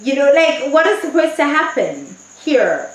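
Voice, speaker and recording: A woman talks through a reality show episode in a loose, candid way, swearing as she goes. Her voice sits a little high. The room around her sounds echoey. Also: very animated, a little slow, background noise. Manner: chatty, candid, swears freely. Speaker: TV show reviewer. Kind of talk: casual review vlog.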